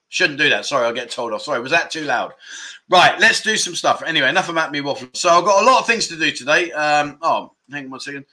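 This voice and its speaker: Animated chatty man host. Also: fairly high pitch, fast, rough recording. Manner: animated, chatty, jokey, rambling. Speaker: livestream host. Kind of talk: casual livestream chat reading comments.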